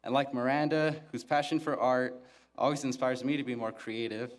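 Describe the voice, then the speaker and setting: A young man gives a graduation speech from a podium mic in a flat, monotone voice. His humor is dry and self-mocking, and his voice sits at a middle pitch. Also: moderate pace. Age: young adult. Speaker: valedictorian giving a graduation speech. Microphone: podium microphone.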